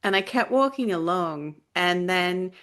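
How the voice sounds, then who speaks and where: A woman's voice: on the low side, lively intonation, unhurried, fairly bright tone. A woman hosting an interview podcast, telling stories in a chatty way with lots of "like" and "you know.". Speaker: podcast host. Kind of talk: casual interview chat.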